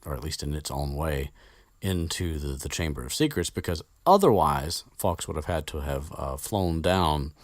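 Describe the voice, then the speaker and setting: A man's voice: extremely low pitch, normal speed, no room sound. A man casually retelling a story as podcast host, rambling with swearing and many fillers, close to the mic.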